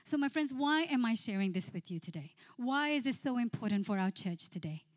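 A woman pastor giving a sermon. She reads scripture, then tells a counseling story with frequent laughter and quiet, hushed quotes of her own words. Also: a little high, lively intonation, brisk.

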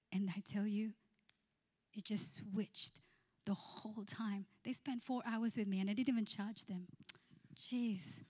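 A woman pastor giving a sermon. She reads scripture, then tells a counseling story with frequent laughter and quiet, hushed quotes of her own words. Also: mid-range voice, steady tone, a little slow.

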